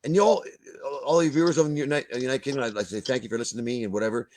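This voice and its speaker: A man's voice: medium pitch, very fast, a little mellow. An older man, ranting bluntly as a guest in a video-call discussion, swearing and stumbling over repeated words. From Canada.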